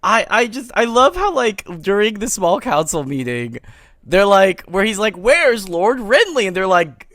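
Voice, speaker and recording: Bright, animated man with a high voice, riffing excitedly in a podcast chat, stumbling over words as he jokes. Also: normal speed, no echo, clean studio sound. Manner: excitable, joking, stammers into bits. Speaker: podcast co-host. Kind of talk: casual comedic chat.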